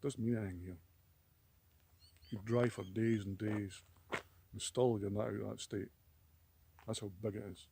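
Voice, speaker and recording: Gravelly Scottish man vlogging. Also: on the low side, steady tone, unhurried, long pauses, background noise. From Scotland. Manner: rambling, aggrieved, repeats words. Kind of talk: casual vlog to camera.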